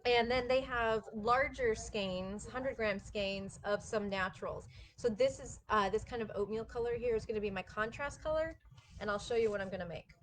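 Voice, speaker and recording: Woman doing a chatty knitting livestream, excited about yarn, laughs a lot. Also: a little high, normal speed. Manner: chatty, enthusiastic, laughs often. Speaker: knitting shop host. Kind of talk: casual live-stream chat.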